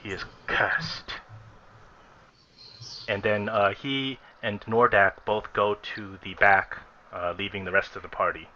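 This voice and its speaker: A man as game master, narrating a tabletop game in a descriptive way with frequent pauses. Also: lowish voice, fairly even intonation, pushed and bright, slight background noise. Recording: lo-fi recording with faint music.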